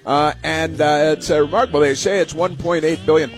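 A man's voice: fairly high pitch, steady tone, a little fast, soft background music. A man hosting a political talk radio show, rambling and emphatic, full of fillers and restarts. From United States. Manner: emphatic, opinionated. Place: radio studio.

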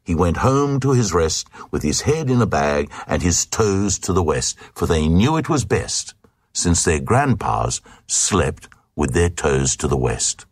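A man's voice: sits low, very animated, unhurried, breathy edge, no echo, studio quality. A man reading a comic narrative poem aloud in a rhythmic, sing-song recitation.

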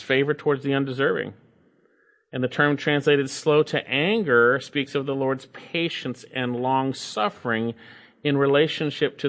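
A man's voice: on the high side, fairly bright tone. Emphatic man preaching a sermon. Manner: emphatic, repeats key phrases, reads scripture aloud.

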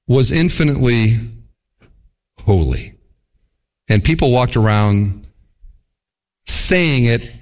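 A pastor delivers a sermon with a lively, swinging delivery. His voice sits a little high for a man. He drops into brief mock voices to illustrate his points.

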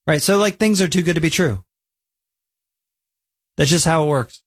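A man's voice: on the high side, normal speed, pauses often, slightly rough. A man hosting a weekend radio show, telling a personal story in a chatty, conversational way. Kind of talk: casual radio talk.

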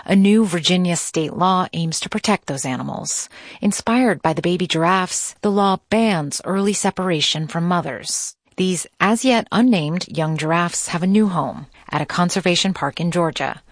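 A woman news reporter delivering a scripted radio report in a crisp, even manner. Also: fairly low pitch, normal speed, no echo, clean studio sound.

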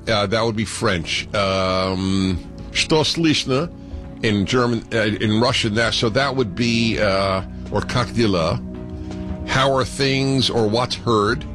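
Radio host, animated and playful. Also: male voice, on the low side, takes it slowly, hardly any pauses, music in the background. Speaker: radio talk show host. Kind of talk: call-in radio talk.

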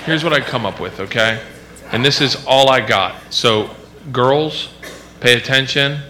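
Rambling stand-up comic man, mid-pitched. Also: unhurried, sharp tone, slight background noise. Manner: rambling, heavy use of "like" fillers. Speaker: stand-up comedian. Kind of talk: stand-up storytelling.

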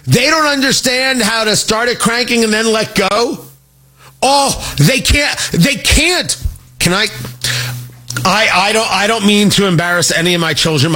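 A middle-aged man hosting a talk radio show, animated and jokey, wandering off on tangents. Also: sits high. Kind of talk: opinionated talk radio monologue.

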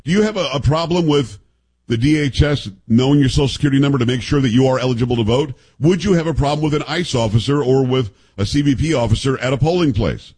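Man, talk radio host, husky voice, emphatic and scornful delivery. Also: medium pitch, quick pace, a little mellow. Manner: combative, mocking, emphatic.

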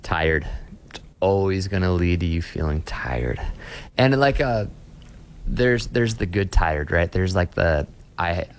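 A pastor in his thirties answers interview questions conversationally and earnestly, often repeating words as he starts a phrase. His deep, expressive voice moves at a slow pace, and the tone is clean.

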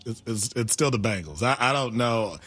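A man's voice: medium pitch, animated, normal speed, a bit bright, slightly rough, faint music behind. A man co-hosting a sports radio show, chiming in with short agreements and jokes. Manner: short agreeing interjections, joking. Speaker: radio co-host.

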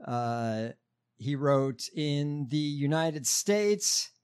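A man co-hosting a podcast, reading political news aloud with profane asides and halting fillers. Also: a little high, lively intonation, a little mellow, clear, resonant tone. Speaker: podcast co-host.

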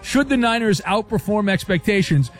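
A man's voice: high voice, lively intonation, soft background music. A man hosting a sports radio show, reading listener answers and trading wry quips. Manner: wry, quick quips, fillers. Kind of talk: casual radio show banter.

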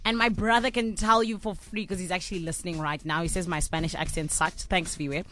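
A woman's voice: lowish voice, steady tone, a little fast, fairly bright tone. A woman hosting a radio show, bantering playfully and laughing easily. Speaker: radio host. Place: radio studio.

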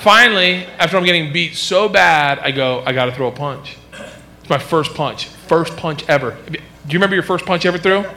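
A man performing stand-up, telling an animated story and acting out sound effects. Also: a little high, background noise. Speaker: stand-up comedian. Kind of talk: stand-up comedy routine.

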